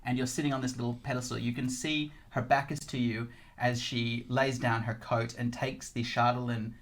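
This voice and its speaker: A man narrating a tabletop game as game master, in quick, lively narration. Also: mid-range voice.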